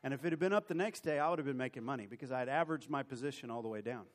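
A man preaching and telling a personal story in a lively way, mocking himself as he acts out the scenes. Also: mid-range voice, rapid-fire. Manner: animated, self-mocking storyteller who acts out his own story. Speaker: preacher giving a testimony. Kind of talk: sermon storytelling.

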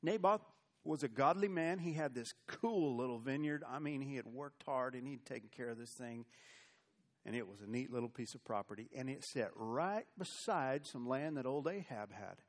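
A man's voice: mid-range voice, expressive, normal speed. An American man preaching a sermon, telling Bible stories in a folksy, conversational way. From United States. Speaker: pastor.

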